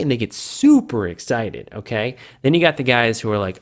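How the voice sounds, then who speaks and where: A man's voice: expressive, fast talker. A man hosting a casual solo video chat for a game community, rambling and correcting himself, playful with made-up words. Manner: acts out fans' reactions with sudden pitch jumps.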